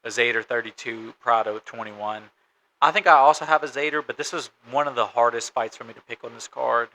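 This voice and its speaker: A man with a bright, tense voice at a mid pitch co-hosts a casual sports podcast. He lays out records and odds in a matter-of-fact way. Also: brisk, rough recording. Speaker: podcast co-host.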